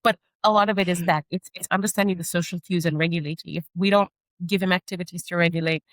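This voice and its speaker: A mother speaking earnestly as a podcast guest, reflective and frank, at times echoing questions in a higher voice. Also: fairly even intonation, quick pace. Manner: earnest, reflective, often acts out her son's repeated questions in a higher voice. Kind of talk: candid interview conversation.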